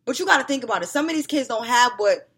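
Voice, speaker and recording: A woman's voice: on the high side, fast talker, breathy edge. A woman, co-hosting a casual chat and acting out scenes with her kids. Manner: animated storytelling, acting out scolding her kids. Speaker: podcast co-host.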